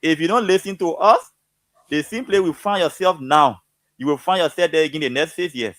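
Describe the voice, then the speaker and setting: A man's voice: on the high side, brisk, a bit bright, dry recording. A man speaking as a guest, fervent and preachy, stirred up and emotional. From Liberia. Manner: fervent, preachy, repeats himself. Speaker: guest commentator. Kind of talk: impassioned political talk.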